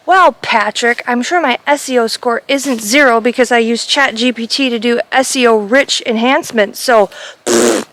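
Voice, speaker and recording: A woman's voice: a little high, moderate pace, fairly bright tone, low-quality recording. A woman vlogging while walking alone in a forest, chatting and joking in a rambling way, a little out of breath. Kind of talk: casual chat while hiking. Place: forest outdoors.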